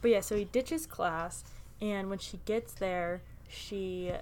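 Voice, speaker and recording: A woman's voice: medium pitch, slow, darkish tone, a little hiss or hum. Playful woman podcast host, mid-range voice. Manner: playful, reads quotes aloud with teasing asides. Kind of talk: casual book-club chat.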